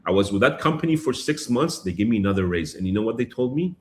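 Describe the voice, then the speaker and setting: A man being interviewed, telling a personal story in a lively way and acting out what people said. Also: fairly low pitch, quick pace. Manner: animated, acts out dialogue, repeats phrases. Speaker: guest.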